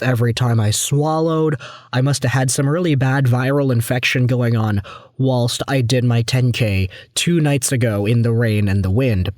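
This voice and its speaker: A man with a hoarse voice from a viral infection, talking about hockey in a chatty, conversational way as a YouTuber. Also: medium pitch, no echo, clean studio sound. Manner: chatty, conversational, with frequent asides. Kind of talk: casual sports commentary.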